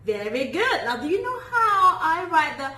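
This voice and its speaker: A woman teaching a children's phonics lesson, modelling sounds slowly and praising warmly in a sing-song way. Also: very high-pitched, sing-song, roomy sound, rough recording.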